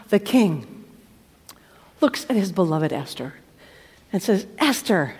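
A woman preacher retelling a story in a lively sermon, acting out the characters and dropping to a hush at tense moments. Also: on the low side, slow, pauses often, breathy edge. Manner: acts out the characters with shifting voices, drops to hushed tones. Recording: hall reverb from a live talk.

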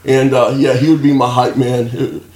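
A man chatting as a podcast guest, relaxed and quick to laugh. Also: medium pitch, reverberant, poor audio. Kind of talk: casual chat.

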